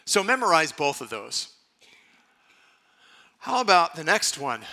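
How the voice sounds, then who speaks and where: A pastor delivers a sermon to his congregation in a church sanctuary, with a strikingly bright, ringing tone that sits a touch high for a man. He talks conversationally, joking with the room one moment and dropping to a hushed, earnest hush the next. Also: big pitch swings, unhurried, pauses often.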